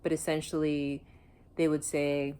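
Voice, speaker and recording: Low-voiced woman reading tarot. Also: flat delivery, unhurried, warm tone, clean tone. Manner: blunt, emotional, swears freely. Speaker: tarot reader. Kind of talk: casual tarot reading to camera.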